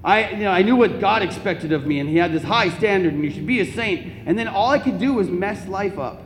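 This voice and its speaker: A young man giving a Catholic talk to an audience, telling comic personal stories in an animated, joking way. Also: high voice, a little fast, slight background noise. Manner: animated, comic storytelling with laughs. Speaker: Catholic speaker. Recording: echoey hall, faint ambience.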